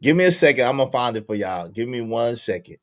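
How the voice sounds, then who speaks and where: Animated man hosting a livestream. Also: mid-range voice, fast talker. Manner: animated, acts out quotes with changing voices. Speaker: livestream talk show host. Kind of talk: casual panel chat.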